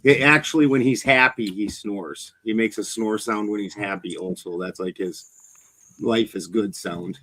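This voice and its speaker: A man's voice: lowish voice, normal speed, sharp tone. A man in casual chat, telling loose, rambling stories and swearing freely.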